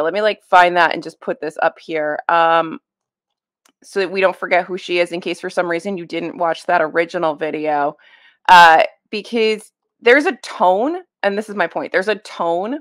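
A woman hosts a casual book reaction video from home before work, recorded on a streaming webcam setup. Her voice is fairly low-pitched and a bit bright, and she rambles in a wryly exasperated way.

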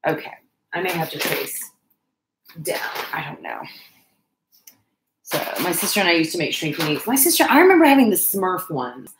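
A rambling, self-deprecating woman talks viewers through a craft project live. Her voice sits on the low side, and the room around her rings with a roomy echo under faint noise. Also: animated, moderate pace, long pauses. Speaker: crafting livestream host. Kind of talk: casual chat while crafting.

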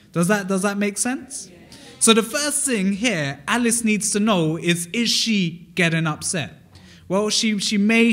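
A man's voice: high voice, fairly bright tone. A British man preaching a sermon as pastor in a church, speaking conversationally, asking the congregation questions and often restarting his words. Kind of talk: interactive sermon. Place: church hall.

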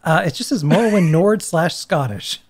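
Woman host, slightly low voice, casual chat, upbeat and encouraging, reads prompts aloud. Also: lively intonation, moderate pace, darkish tone, slightly rough. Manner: upbeat, cheering guests on. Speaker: podcast host.

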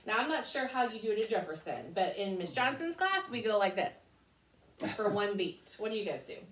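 A woman's voice: medium pitch, big pitch swings, brisk. A woman teaching children a music lesson, cheerfully chanting rhythm syllables. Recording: echoey room, mic far off.

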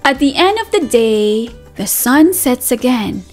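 High, lively woman reading to toddlers. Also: unhurried, soft background music. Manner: animated, sing-song, gasps and asks children questions. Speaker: preschool teacher reading aloud. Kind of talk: picture-book read-aloud for toddlers.

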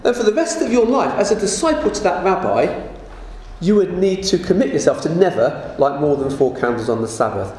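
A man's voice: fairly high pitch, sing-song, fairly quick, a little mellow. Man preaching in a very echoey room. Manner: conversational teaching with rhetorical questions. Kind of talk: sermon. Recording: very echoey room with faint noise.

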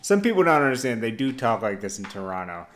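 A man's voice: mid-range voice, sing-song, fast talker, a bit bright. A man hosting a hip-hop news channel, talking loosely with frequent "uh"s and chuckles. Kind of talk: casual reaction commentary.

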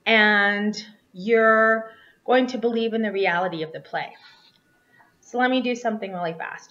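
A woman lecturing a theater class online in an animated, conversational way, tossing in "right?" every few sentences. Her voice is bright and forward, though the recording sounds dull and lo-fi. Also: a little high. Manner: animated, checks in with frequent "right?" tags. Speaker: theater teacher.

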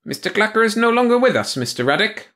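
A prissy, officious middle-aged woman bureaucrat who clings to the rules in a stiff, clipped way, as a man reading the story puts her on. She speaks high and a touch loud, well above the reader's own register, in the manner of an audiobook character. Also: sing-song, quick pace, exaggerated voice. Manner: stiff, rule-quoting, prissy.

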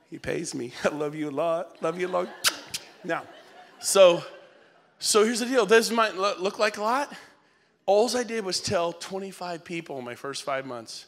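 A man in his fifties giving an energetic motivational speech on stage, swinging between shouts and hushed lines and laughing as he talks to the crowd. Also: high voice, normal speed. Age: 50s. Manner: energetic, shouting peaks and dropping to near-whisper. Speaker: real estate speaker. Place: event hall before an audience.

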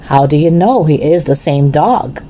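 A woman voicing a calm, kindly grandfather in a storybook read-aloud. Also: low-pitched, unhurried, a little hiss or hum. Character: grandfather, a kind older man.

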